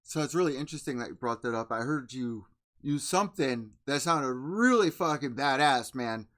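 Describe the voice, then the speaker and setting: Excitable podcast host man. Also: medium pitch, normal speed. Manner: enthusiastic, swears casually. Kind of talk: casual podcast interview.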